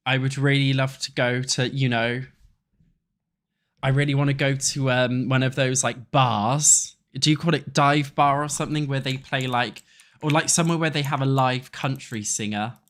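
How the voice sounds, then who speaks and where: A young man from England, a gaming YouTuber, keeps up casual chatter as he plays a building game and thinks aloud about his builds. His rambling, loose talk with viewers is full of swearing. He speaks at normal speed in a medium-pitched, steady, fairly bright voice.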